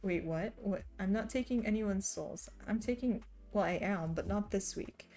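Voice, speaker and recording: A woman's voice: mid-range voice, normal speed, mellow. A woman streamer chatting casually and reading chat messages aloud, laughing often. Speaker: streamer reading chat while cross stitching.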